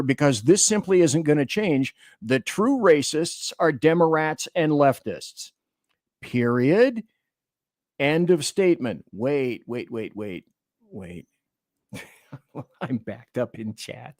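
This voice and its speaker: A man's voice: mid-range voice, lively intonation, measured pace, no echo, studio quality. A man hosting a political radio show, giving emphatic, opinionated commentary and reading articles and chat aloud.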